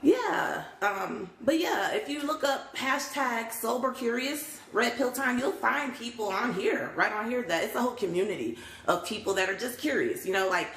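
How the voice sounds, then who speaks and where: A woman's voice: fairly high pitch, animated, moderate pace, hardly any pauses, fairly bright tone. A woman hosting a casual live stream on her phone, chatting openly, laughing often and greeting viewers. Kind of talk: casual livestream chat. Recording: roomy echo.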